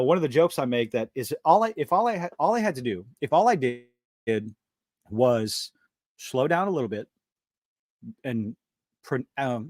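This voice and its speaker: A male stream host who rattles along fast and excitable, cursing freely as he rambles. His voice sits at a middling pitch. The sound is dry and close. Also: no room sound. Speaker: live stream podcast host. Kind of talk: casual chat.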